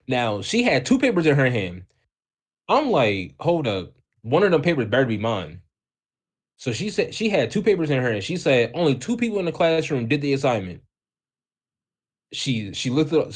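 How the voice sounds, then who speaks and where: A young man spinning a school story for his podcast co-hosts. His mid-range voice swings widely in pitch as he acts out everyone involved. His talk is loose, slangy and full of swearing. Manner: animated, acts out quoted voices, heavy profanity and slang. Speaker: podcast co-host. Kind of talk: casual storytelling.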